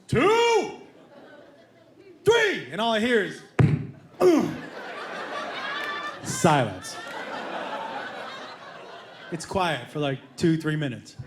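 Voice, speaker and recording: A high-voiced man doing stand-up on a club stage, his lines ringing through an echoey room. Loud crowd laughter and noise fill the gaps between his punchlines as he acts out each character. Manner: animated, acts out his son's lines in a childish voice. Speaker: stand-up comedian. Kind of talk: stand-up storytelling.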